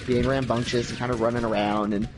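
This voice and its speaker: A man streaming a game, telling a long, profane anecdote in a casual, animated way. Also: mid-range voice, fast talker, music in the background. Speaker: gaming livestreamer. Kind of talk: casual storytelling on a livestream.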